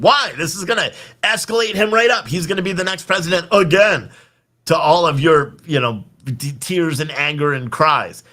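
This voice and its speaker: A man's voice: on the high side, pushed and bright. A young man hosting a political livestream, ranting in an angry, exasperated, profane way. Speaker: livestream host.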